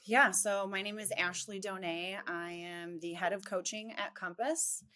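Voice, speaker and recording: A woman's voice: medium pitch, steady tone, unhurried, pushed and bright. A woman from Chicago with a light Chicago accent, an upbeat, direct interview guest who laughs easily. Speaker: real estate coaching head.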